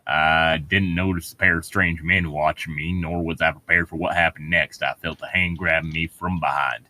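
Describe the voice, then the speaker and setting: A man's voice: extremely low pitch, fairly even intonation, moderate pace, sharp tone. A man co-hosting a comedy podcast, reading a bad fanfiction aloud with wry jokes and asides. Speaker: podcast co-host.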